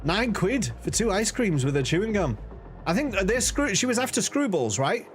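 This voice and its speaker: A man's voice: high-pitched, very animated, normal speed, soft background music. A man chatting casually on a live stream, laughing often and reading out chat messages. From northern England.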